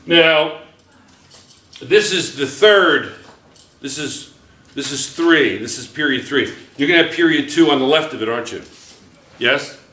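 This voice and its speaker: A man's voice: a little high, expressive, unhurried, pauses often, sharp tone. A man teaching chemistry to a class, playful and joking, firing questions at his students. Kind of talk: classroom lecture. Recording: echoey classroom.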